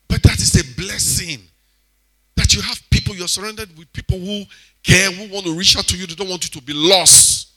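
A man with a Nigerian accent preaching to a congregation, animated, swinging between loud exclamations and quiet asides. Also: fairly high pitch, a little fast. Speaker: church speaker exhorting congregation. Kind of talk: sermon.

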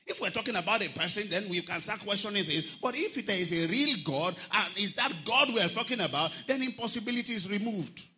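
A man preaching a lively sermon, often lifting his voice into a sing-song and asking the congregation whether they are following. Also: sits high, brisk, hardly any pauses. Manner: animated preaching, sing-song emphasis, asks the congregation questions.

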